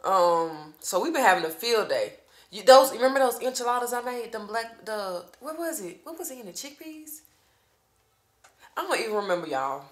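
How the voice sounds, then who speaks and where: A woman's voice: on the high side, expressive, normal speed. A woman hosting a casual mukbang at home with her child, talking to the camera in a playful, teasing way. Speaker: mukbang host and mother. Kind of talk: casual chat to camera while eating. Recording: echoey room.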